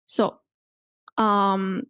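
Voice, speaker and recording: A woman's voice: mid-range voice, level tone, drawn-out words, fairly bright tone, smooth, no echo. A woman instructor giving a pronunciation workshop lecture. She repeats the example words and keeps checking in with "right?" and "okay?". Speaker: English language instructor.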